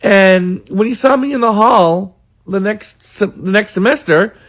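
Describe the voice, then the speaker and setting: High-voiced man reminiscing casually. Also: measured pace, a bit bright. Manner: rambling, earnest, many restarts and fillers.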